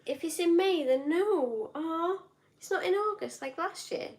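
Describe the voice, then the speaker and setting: A woman's voice: very high voice, animated, a little slow. A woman from Wales co-hosting a casual live stream from home, chatty and matter-of-fact. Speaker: co-host.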